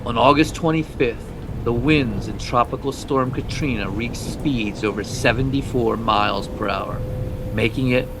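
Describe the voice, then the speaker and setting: A man's voice: medium pitch, unhurried, background noise. A man co-hosting a podcast, reading scripted true-crime narration with casual asides. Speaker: podcast co-host.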